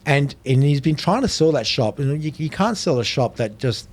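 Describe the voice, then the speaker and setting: Speaking at a moderate pace in a fairly high voice, a middle-aged podcast guest tells stories casually. He's an animated storyteller who swears freely and performs the voices of the people he quotes.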